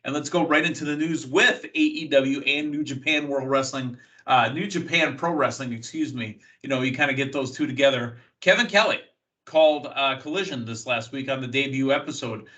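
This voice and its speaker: A man from the United States hosting a wrestling news podcast, chatty and filling pauses with uh and you know. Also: medium pitch, pushed and bright, poor audio. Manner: chatty, thinks aloud with many fillers. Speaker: podcast host. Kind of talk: casual wrestling news talk.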